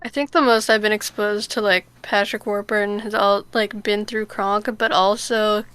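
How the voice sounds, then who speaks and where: Bright, clear-voiced woman chatting. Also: medium pitch, fairly even intonation, normal speed. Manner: hesitant, trails off with fillers. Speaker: podcast co-host. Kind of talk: casual chat.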